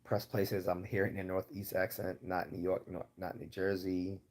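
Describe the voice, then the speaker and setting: Low-pitched and monotone, this man speaks at normal speed with a darkish tone. He's hosting a livestream Q&A in a Baltimore accent, rambling through viewer questions casually, full of fillers and restarts.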